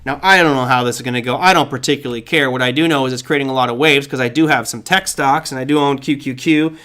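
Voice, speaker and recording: A man's voice: mid-range voice, fast talker, fairly bright tone. A middle-aged man hosting a live trading show, giving casual market commentary, thinking aloud and reading viewer comments.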